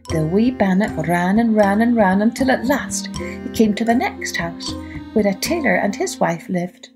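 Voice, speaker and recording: A woman storyteller hosting a children's podcast, reading a folk tale aloud with great expression. Her voice rises and falls freely, and faint music plays softly behind her. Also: fairly high pitch, moderate pace. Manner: lively, expressive read-aloud.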